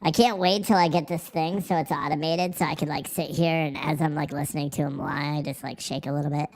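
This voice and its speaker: Profane sarcastic streamer, voice-changed. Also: male voice, on the high side, steady tone, brisk, gravelly. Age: adult, married. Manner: profane, sarcastic, rambling rants. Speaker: livestream host. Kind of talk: casual livestream chat.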